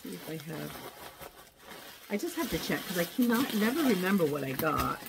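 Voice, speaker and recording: A woman's voice: fairly low pitch, big pitch swings, moderate pace, creaky, very noisy. A woman vlogger chatting casually while unboxing thrift packages, rambling and restarting her thoughts.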